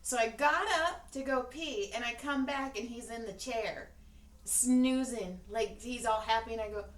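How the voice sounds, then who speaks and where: Speaking at a measured pace in a higher voice, a woman co-hosts a casual podcast. She tells lively stories with plenty of acted-out quotes and swearing, and she's far from the mic in a roomy space.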